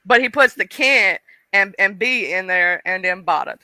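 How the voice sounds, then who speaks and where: A woman's voice: mid-range voice, animated, normal speed, pushed and bright, no room sound. A woman with a Southern country accent, chatting playfully on a live stream and laughing at herself. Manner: laughing, self-deprecating, playful. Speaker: stream guest. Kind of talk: casual chat.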